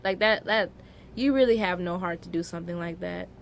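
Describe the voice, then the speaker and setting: A woman's voice: fairly low pitch, fairly quick, vocal fry, slight background noise. A young woman vlogger telling a story in a casual, emotional way, full of "like" fillers and growing indignation.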